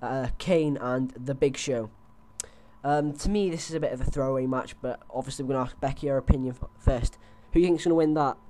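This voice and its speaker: A man's voice: mid-range voice, a little fast, dark tone, slight background noise. A young man on a headset, chatting loosely through his predictions with lots of fillers and restarts. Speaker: host. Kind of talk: casual wrestling predictions chat.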